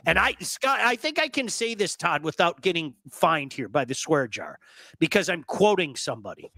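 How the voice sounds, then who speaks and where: A man hosting a casual hockey talk show, telling blunt, animated stories and repeating words for emphasis. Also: on the high side, normal speed, creaky, no echo. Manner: blunt, swears.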